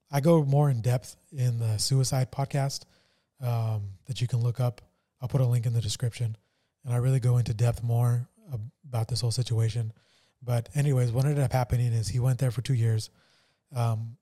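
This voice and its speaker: A man co-hosting a podcast, telling a painful family story in a somber, halting way with many fillers. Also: medium pitch, level tone, mellow. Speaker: podcast co-host. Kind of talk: casual personal testimony.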